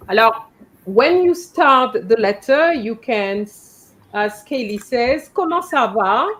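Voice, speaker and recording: A woman's voice: a little high, lively intonation, takes it slowly, a bit bright, rough recording. A woman teaching French in a live online class, patiently going through her students' letters and correcting them one by one over a video call.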